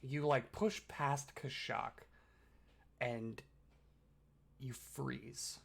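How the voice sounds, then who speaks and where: A man's voice: medium pitch, fairly even intonation, extremely slow, gravelly. A man running a tabletop game as game master, narrating casually with many fillers.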